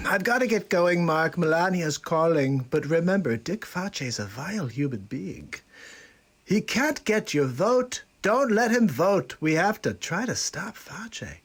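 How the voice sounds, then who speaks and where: A man putting on an older male politician who talks in a boastful, repetitive and hurried way. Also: a little high, slightly rough, full character voice.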